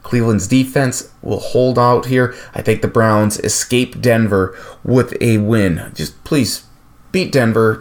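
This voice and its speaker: Man rattling off football picks. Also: medium pitch. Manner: rapid-fire picks with frequent fillers and restarts. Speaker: podcast host. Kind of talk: sports podcast game picks.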